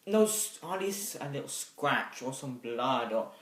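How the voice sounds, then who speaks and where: A young man reviewing a movie in a rambling, hesitant way, with sudden loud bursts of excitement. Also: mid-range voice, measured pace. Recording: echoey room, mic set back.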